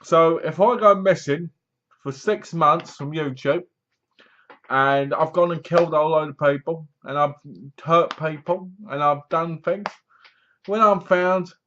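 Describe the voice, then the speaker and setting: Man, sarcastic casual reviewer, slightly high voice, dull lo-fi recording. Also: fairly bright tone, a little hiss or hum. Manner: chatty, sarcastic, acts out lines in funny voices. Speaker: film reviewer. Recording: dull lo-fi sound.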